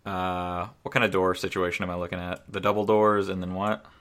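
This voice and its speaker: Bright-voiced man playing a tabletop game. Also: sits low, level tone, brisk. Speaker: player.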